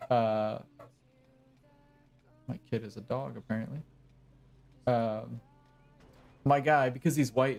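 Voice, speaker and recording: A man's voice: mid-range voice, a little mellow. Rambling joking male game streamer. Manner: rambling, joking, self-mocking. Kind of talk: casual gaming commentary.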